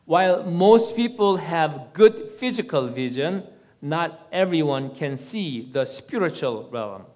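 A man giving a sermon-style teaching in a measured, deliberate way. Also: fairly high pitch, expressive, darkish tone.

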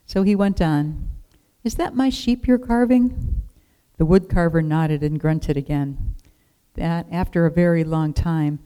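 A storyteller reading a storybook aloud in a calm, measured way. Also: medium pitch, clear, resonant tone.

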